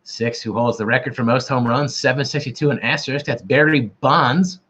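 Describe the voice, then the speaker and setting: In dull lo-fi audio from a camera mic, a quiz host jokes and rambles self-deprecatingly during a casual trivia livestream. His voice is medium-pitched, a little fast, fairly bright and slightly breathy.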